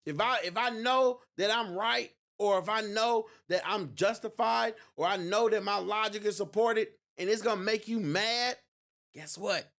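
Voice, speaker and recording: On his election night livestream, a male host mocks and gloats, breaking into frequent laughter. He speaks at normal speed in a high, somewhat bright voice with vocal fry.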